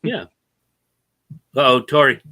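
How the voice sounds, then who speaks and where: A man talks racing on a casual podcast with a bright, forceful voice. He is opinionated and animated, ranting freely about the sport's rules. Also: mid-range voice, slow. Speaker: co-host.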